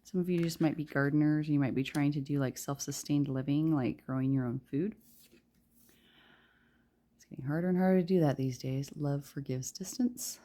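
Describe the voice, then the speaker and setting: Casting: woman tarot reader with a very deep, dark voice and a rambling, chatty delivery. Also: brisk. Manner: rambling, chatty, trails off with fillers and soft laughs; speaks softly and quietly at times. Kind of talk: casual pick-a-card tarot reading.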